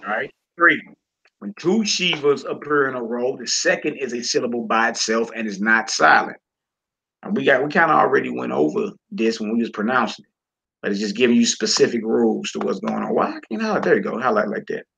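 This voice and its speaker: A man teaching a Hebrew reading class in a relaxed, informal way, talking to students while he works the screen. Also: mid-range voice, fairly quick, vocal fry, breathy edge. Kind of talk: casual online class lesson. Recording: lo-fi recording.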